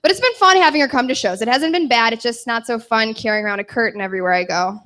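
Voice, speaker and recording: Young female comic, rambling self-deprecating delivery, bright voice. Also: a little high, fast talker. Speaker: stand-up comedian. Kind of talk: stand-up set. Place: bar stage.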